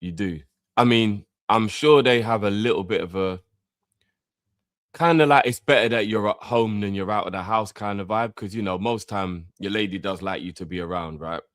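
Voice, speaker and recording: A man with a fairly low voice, chatting loosely in street slang as co-host of a football channel. The sound is close and dry, with no room around it. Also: moderate pace, no echo. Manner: laid-back slang, animated when mocking critics. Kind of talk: casual chat.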